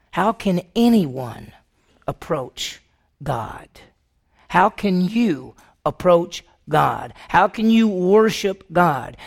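A man preaching a sermon, asking the congregation rhetorical questions, with his pitch jumping high on points he stresses. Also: creaky. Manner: pitch jumps high when emphatic.

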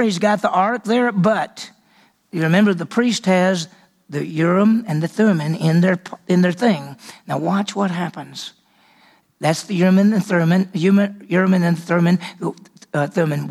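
High, gravelly preacher. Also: male voice. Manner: animated storytelling, acting out voices. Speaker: Bible teacher. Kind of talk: sermon.

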